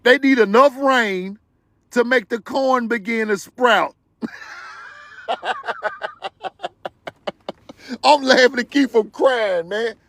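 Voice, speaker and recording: A man talking to his livestream viewers in a high, lively voice that swings up and down a lot. His delivery is slow and drawn out, preachy and joking at once. The sound is dry and close. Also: creaky, no echo. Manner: animated, preachy and joking, laughs loudly; talks to viewers directly. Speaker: livestream host. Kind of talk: excited livestream commentary.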